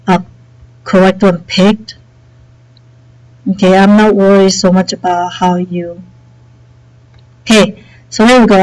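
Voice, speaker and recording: A woman teacher with a headset mic walks students through software setup in a relaxed, chatty way, saying okay often. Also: mid-range voice, poor audio. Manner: relaxed and chatty, many okays and fillers. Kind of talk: screen-recorded software tutorial.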